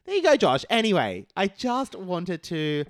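An excitable Australian man co-hosting a casual show, swinging his pitch all over as he jokes and laughs. His voice sounds close and dry, with no room echo. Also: unhurried. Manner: excitable, laughs often, theatrical. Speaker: co-host. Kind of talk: casual podcast banter.

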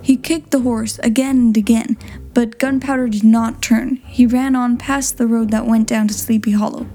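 A woman narrating a storybook in a clear, simple reading style for learners. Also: on the high side, steady tone, normal speed, warm tone. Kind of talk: storybook read-aloud.

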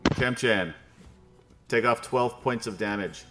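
A man's voice: mid-range voice, slow, over music. A man acting as game master, narrating a tabletop game in a loose, thinking-aloud way.

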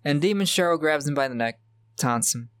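A man co-hosts a podcast, casually recapping a horror film beat by beat and laughing often. His voice is a little high, expressive, brisk and a bit bright. The studio recording is clean, with no room sound.

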